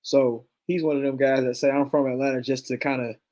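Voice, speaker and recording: A man's voice: mid-range voice, little pitch movement, a little fast, a little mellow. A man hosting a show, giving casual, chatty reaction commentary on a video with unsure asides. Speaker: host.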